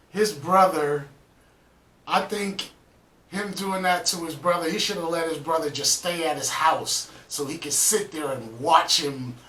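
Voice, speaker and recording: A man's voice: on the high side, a bit bright, reverberant, distant mic, low-quality recording. A man casually chatting as host of a reaction video, laid-back and rambling with lots of "um" and "man". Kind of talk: casual chat.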